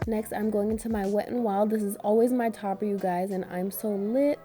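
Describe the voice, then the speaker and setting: A woman's voice: medium pitch, steady tone, brisk, hardly any pauses, over loud music. A young woman vlogger narrating a makeup tutorial in an upbeat, chatty way, her voice a little harsh from being sick. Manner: chatty, upbeat, addresses viewers as beauties and girl. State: getting over an illness, voice a bit harsh. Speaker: beauty vlogger.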